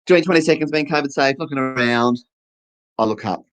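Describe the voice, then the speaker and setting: Fairly quick and medium-pitched, an Australian-accented performer delivers a deaf comedian's stand-up set at an online festival. The self-mocking story comes with acted-out voices, heard through a low-quality recording.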